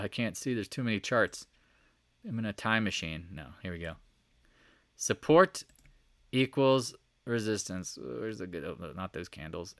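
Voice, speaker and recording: A man giving a casual, animated stock market recap over charts, joking and swearing as he goes. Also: sits low, no echo, studio quality. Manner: animated, profane, joking asides.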